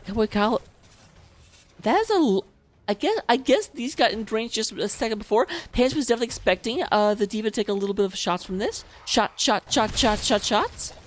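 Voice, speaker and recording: A woman's voice: a little high, expressive, fairly quick. A woman casting a live online video game match, chatty and self-mocking, laughing easily between plays. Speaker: esports caster.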